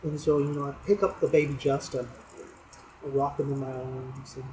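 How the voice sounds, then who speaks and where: A man delivering a rambling comic monologue for his fantasy league's weekly roast, telling crude jokes in a low-key, deadpan way. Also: moderate pace, a little hiss or hum, low-quality recording.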